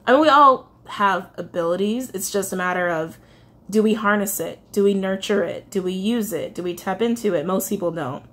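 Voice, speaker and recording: A woman talking her way through a tarot reading for her subscribers in a loose, rambling way, full of fillers and restarts. She swings between excited and teary as she goes. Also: medium pitch, normal speed. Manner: chatty, rambling, emotional, frequent fillers and self-corrections. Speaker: tarot reader. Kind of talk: casual spoken tarot reading.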